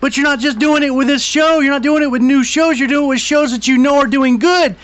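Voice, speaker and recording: A man co-hosting a casual podcast, ranting with lots of swearing, swinging from grumbling to shouting. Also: very high-pitched, brisk, dry recording. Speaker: podcast co-host. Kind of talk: casual chat. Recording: dull lo-fi podcast audio.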